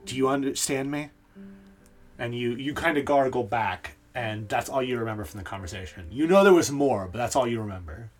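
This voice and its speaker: A game master narrates a tabletop session in a casual, chatty way. The pitch moves a lot, and the speech is full of fillers. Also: fairly quick, hardly any pauses, soft background music. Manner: animated, with frequent fillers.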